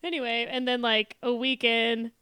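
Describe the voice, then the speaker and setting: A young woman tells a story in casual conversation, acting out what people said and laughing along the way. Her voice is bright and smooth and sits a little high. The sound is close and dry. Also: moderate pace, no room sound. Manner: animated storyteller, quotes people, laughs often. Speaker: guest telling a travel story. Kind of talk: casual chat.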